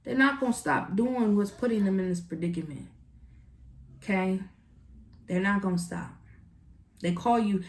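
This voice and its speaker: A woman's voice: mid-range voice, normal speed, long pauses. A woman giving an earnest, emotional tarot reading, speaking straight to the viewer in a casual way. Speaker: tarot reader. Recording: echoey room.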